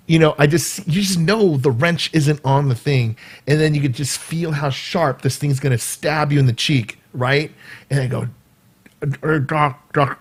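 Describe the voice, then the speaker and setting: A man telling a personal story in a casual vlog, acting out the voices of the people in it and making sound effects. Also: fairly high pitch. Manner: animated, acts out quoted voices and sound effects. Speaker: vlogger.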